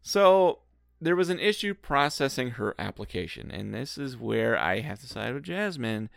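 Gravelly, sarcastic male podcast co-host. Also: mid-range voice, big pitch swings, moderate pace, dry recording, studio quality. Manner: sarcastic, swears freely. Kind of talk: casual recap chat.

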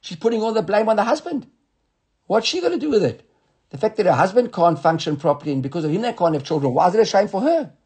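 A man with a fairly high, husky voice leads a Talmud study class. He reads the text aloud and then explains it, stumbling and repeating himself as he thinks things through. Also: sing-song, fast, darkish tone. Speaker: Talmud teacher.

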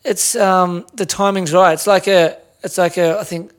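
An Australian man speaks as a guest in a casual podcast chat. His voice sits a little higher than most men's. He thinks out loud, trailing off and looping back with lots of fillers. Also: fairly even intonation, moderate pace, smooth. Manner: reflective, rambling with many fillers. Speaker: podcast guest, metal musician. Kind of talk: casual conversation.

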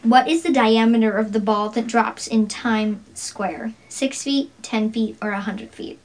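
A woman's voice: fairly high pitch, measured pace. A woman answering and reading trivia in casual chat, dry and offhand. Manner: dry, offhand, mildly reluctant. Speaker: trivia quiz partner.

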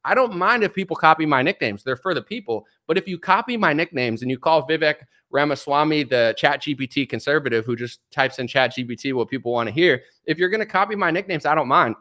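A man in his thirties delivers a combative, mocking political rant. His voice sits a little high and comes through bright and forceful, with sarcasm running through his talk. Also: expressive, quick pace, hardly any pauses. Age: 30s. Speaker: political commentary host. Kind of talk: ranting political commentary.

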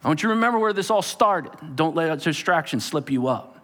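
A man's voice: fairly high pitch, lively intonation, fairly quick, a bit bright. A man preaching a sermon, emphatic and speaking straight to the congregation. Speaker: pastor. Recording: long hall reverb.

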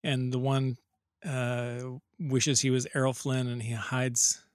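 A man's voice: mid-range voice, slow pace, dry recording. Laughing man in dry, casual movie banter. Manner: laughs a lot, rambling, animated recollections. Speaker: podcast co-host. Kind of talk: casual chat about old movies.

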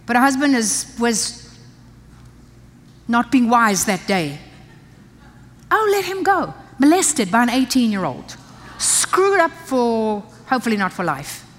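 A woman's voice: on the high side, very animated, measured pace. Older woman, sermon, emphatic, conversational asides, church hall reverb. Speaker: pastor's wife preaching to women.

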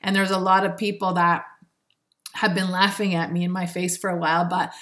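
Woman, lower register, self-help speaker; earnest, preachy delivery with laughter. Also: level tone, fairly quick, a bit bright. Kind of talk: motivational monologue.

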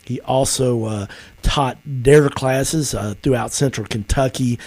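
A man's voice: medium pitch, measured pace, a little mellow. Chatty friendly male interview host. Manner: friendly, chatty, many ums and restarts. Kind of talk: casual interview chat.

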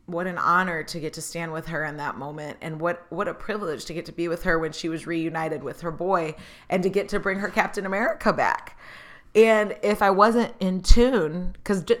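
A woman's voice: fairly low pitch, fairly bright tone. A woman telling a personal story in an earnest, motivational way, laughing often and getting emotional. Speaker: speaker sharing stories.

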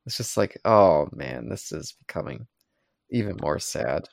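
A man's voice: a bass voice, expressive, a little slow, vocal fry, no room sound, clean studio sound. A man co-hosting a podcast, casually retelling episode scenes and briefly acting out the characters' lines. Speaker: podcast co-host. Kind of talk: casual recap chat.

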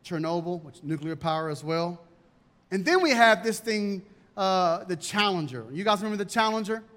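A man's voice: sits high, lively intonation, normal speed, fairly bright tone. A male pastor preaching a sermon emphatically and asking rhetorical questions, in a church. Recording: long hall reverb.

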